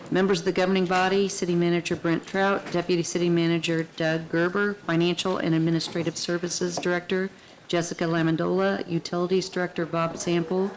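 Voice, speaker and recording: Woman attorney reading the motion, flat and formal, lowish voice. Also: a little hiss or hum, poor audio. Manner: formal, measured. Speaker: city attorney. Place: city council chambers.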